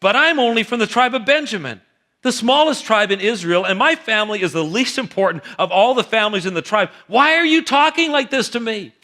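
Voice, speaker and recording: Male preacher acting out a nervous young shepherd boy, raised pitch, bright, pleading. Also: expressive, brisk. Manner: pleading, self-doubting. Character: anxious humble young male donkey herder.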